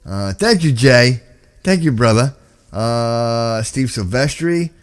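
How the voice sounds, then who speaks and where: A man's voice: mid-range voice, lively intonation, takes it slowly, clean tone. A man hosting a casual live-stream chat, upbeat and jokey, calling people brother. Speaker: host.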